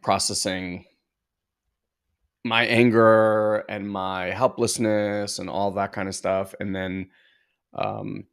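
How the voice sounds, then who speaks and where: A man's voice: fairly low pitch, gravelly. A man co-hosting a podcast, telling a personal story as a father in an earnest, reflective way, full of filler words. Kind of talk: casual conversational storytelling.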